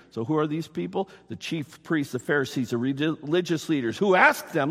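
A man's voice: on the high side, expressive, moderate pace, few pauses, fairly bright tone, husky. A man preaching a sermon as pastor to his congregation, reading scripture aloud and speaking directly to the people. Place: church. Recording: reverberant hall.

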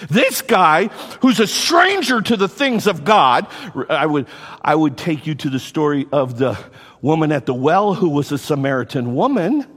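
A middle-aged male pastor preaching a sermon in an animated way, repeating words and adding quick asides. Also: on the high side, long reverb tail.

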